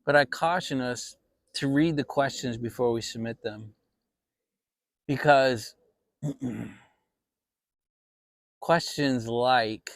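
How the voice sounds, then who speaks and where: A man's voice: mid-range voice, slow, long pauses, no room sound, studio quality. Rambling man hosting a fireside chat. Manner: rambling and reflective, with many restarts. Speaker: channel host. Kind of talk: casual fireside chat vlog.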